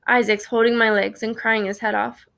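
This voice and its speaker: A woman reading a storybook aloud in a steady first-person narration. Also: a little high, normal speed, creaky. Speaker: reader.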